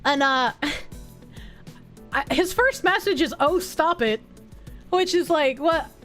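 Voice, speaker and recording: A high-pitched young woman talks to her stream chat, reading messages aloud and mocking them in lowered voices. Her commentary is candid and sarcastic, broken up by frequent laughter. Faint music plays underneath. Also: slow, a bit bright. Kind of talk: live-stream reaction chat.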